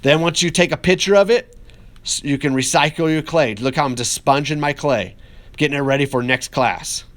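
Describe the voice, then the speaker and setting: Fairly bright in tone and on the higher side, this art teacher speaks at a moderate pace during a relaxed pottery demonstration. He keeps his hands busy with the clay while cheerfully cheering on his class.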